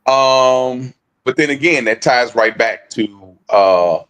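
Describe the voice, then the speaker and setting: A man co-presenting a casual online discussion, talking haltingly with many fillers and restarts, speaking on a phone. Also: mid-range voice, fairly bright tone.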